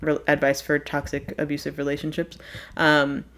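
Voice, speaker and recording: A woman's voice: deep voice, monotone, normal speed, fairly bright tone. A woman in her twenties hosting a casual advice podcast, playful and prone to slipping into put-on accents. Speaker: podcast host. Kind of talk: casual chat.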